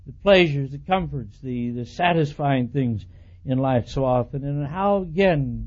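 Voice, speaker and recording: A man preaching a sermon, telling animated stories about his marriage and acting out the dialogue. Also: mid-range voice, measured pace, few pauses. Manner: animated storytelling, acts out quoted dialogue, chuckles at himself. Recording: dull lo-fi recording.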